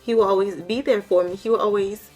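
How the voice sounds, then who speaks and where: A woman's voice: mid-range voice, steady tone, a little fast, a little mellow, faint music behind. A young woman giving an emotional personal testimony, earnest and heartfelt, with many casual fillers. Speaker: vlogger sharing her testimony.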